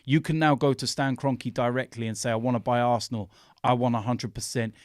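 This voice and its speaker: A man trading casual football banter on a podcast, jokey and animated. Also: medium pitch, fairly quick, no echo, studio quality. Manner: animated, jokey trash talk with laughs. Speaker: podcast guest and fan pundit.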